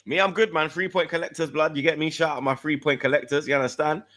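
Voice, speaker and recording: A man's voice: a little high, fairly even intonation, fast, fairly bright tone. A man co-hosting a football show, bantering and teasing in heavy slang. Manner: slangy, teasing, tags lines with "blood".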